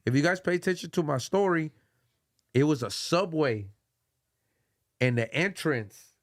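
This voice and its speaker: Man, fairly high voice, animated, slang-heavy storyteller, casual podcast host. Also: measured pace. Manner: animated, streetwise slang, acts out quotes.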